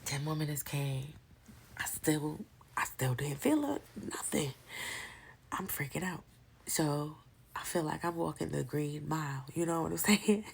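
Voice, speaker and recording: A woman casually telling a personal story, animated and slangy, often dropping into breathy whispers. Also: low-pitched, a little slow, a little hiss or hum.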